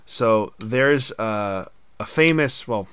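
A man's voice: on the low side, expressive, takes it slowly, fairly bright tone, slight background noise. A man hosting a casual podcast chat, telling stories animatedly and acting out quoted voices. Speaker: podcast host.

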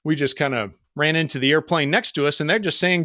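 Brisk and a little high, this middle-aged man's voice comes through studio-clean with no echo. He's casually telling flying stories on a podcast, bringing them to life by acting out each person's lines.

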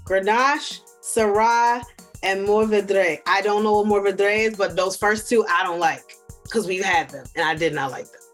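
A woman's voice: medium pitch, measured pace, soft background music. A woman co-hosting a casual podcast, thinking aloud hesitantly about wine. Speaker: podcast co-host. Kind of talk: casual chat.

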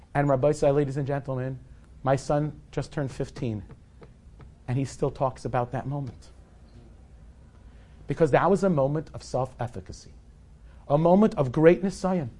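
A man's voice: on the high side, mellow. A man in his forties telling a personal story to a live audience in a candid, conversational, self-deprecating way. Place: event hall with a live audience.

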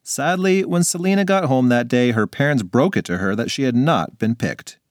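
A man reading a funny children's story aloud in a playful, animated way. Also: medium pitch, moderate pace, hardly any pauses, no echo, studio quality. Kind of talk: scripted narration for children.

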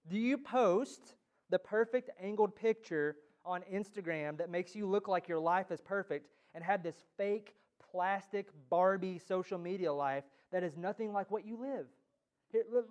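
A man with a high voice preaches a sermon to his congregation. His delivery is joking and teasing, broken by sudden loud jabs. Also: normal speed. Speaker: pastor. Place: church.

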